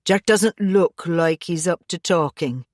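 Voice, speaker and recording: A woman's voice: fairly low pitch, takes it slowly, no room sound, studio quality. A woman doing a curt, frustrated middle-aged father. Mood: curt, defensive. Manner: curt and defensive.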